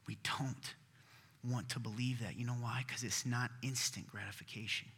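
A male pastor preaching a sermon in an earnest, conversational way, swinging from loud to hushed. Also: medium pitch, steady tone, normal speed, husky. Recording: long reverb of a large hall.

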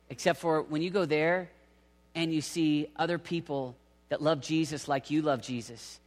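High-voiced energetic male preacher in a hall. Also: measured pace. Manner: energetic, acts out quoted voices. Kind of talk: sermon. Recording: reverberant hall.

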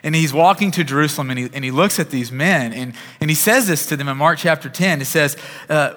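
Preaching in a church sanctuary, this man speaks fast with a fairly high, slightly bright voice and hardly any pauses. His sermon is conversational and full of repeated starts, with the long reverb of a big hall around him.

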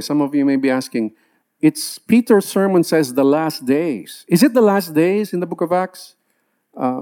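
A man preaches with a high, earnest voice that swings up and down as he acts out what believers say. His tone is pleading and direct, the voice of a pastor in front of a church. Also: warm tone. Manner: earnest, switches into Tagalog, acts out believers' complaints. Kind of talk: sermon.

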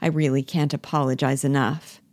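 A woman's voice: a bass voice, flat delivery, normal speed, darkish tone, no echo. A woman reading the part of an awkward, guilty young man who keeps apologizing. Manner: apologetic, curt. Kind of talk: play reading.

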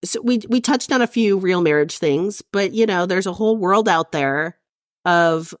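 A woman's voice: fairly low pitch, normal speed, no echo, clean studio sound. A woman co-hosting a podcast in casual chat, telling rambling anecdotes and laughing often. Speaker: podcast co-host.

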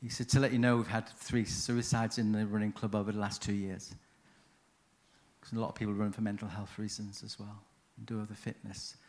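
A man's voice: on the low side, flat delivery, a little fast, a little mellow. Chatty man telling a story. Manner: chatty, self-interrupting, anecdotal. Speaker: seminar speaker on chaplaincy. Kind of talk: conference talk with storytelling.

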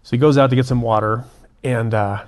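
A man, a prison minister and guest, telling a story in an earnest, animated way and acting out the dialogue. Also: mid-range voice, fairly quick. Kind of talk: conversational storytelling.

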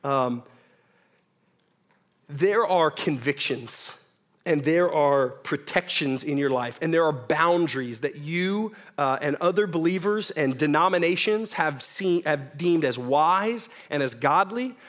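A man's voice: fairly high pitch, lively intonation, slow pace, fairly bright tone. A young man preaching a sermon in a church, casual and joking, often asking "right?". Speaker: pastor. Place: church hall with audience.

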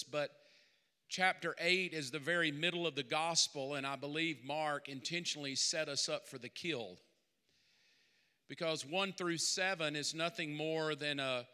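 In a big church hall with long reverb, a pastor delivers a sermon that starts out easygoing and climbs to emphatic, forceful peaks. His slightly high voice sounds smooth and resonant.

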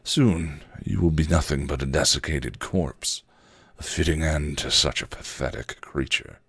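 A man voicing a deep, mocking ancient male demon who speaks slowly and menacingly. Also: vocal fry, fairly bright tone, husky, dry recording, exaggerated voice. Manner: booming, slow and menacing.

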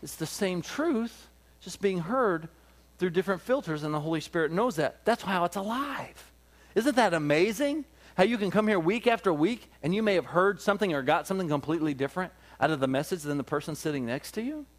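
A man's voice: high voice, expressive, a little fast. A male pastor preaching a sermon with emphatic repetition and rhetorical questions.

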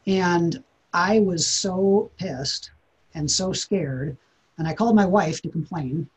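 A man's voice: on the high side, a little mellow, breathy edge, poor audio. A man, a podcast guest, telling a personal story in an earnest, reflective way, often repeating words as he thinks.

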